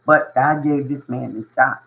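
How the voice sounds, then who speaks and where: A man's voice: mid-range voice, steady tone, a little slow, creaky, a bit bright, poor audio. A man giving a casual motivational monologue to his viewers as a spiritual channel host. He is earnest and emotional, repeats himself for emphasis and often chuckles. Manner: emphatic and repetitive, with frequent chuckles and "you know what I mean".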